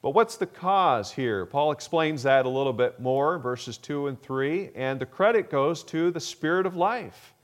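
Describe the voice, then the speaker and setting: A man's voice: a little high, expressive, measured pace, few pauses. Man preaching an emphatic sermon. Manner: emphatic preaching with frequent uh fillers and restarts. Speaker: pastor.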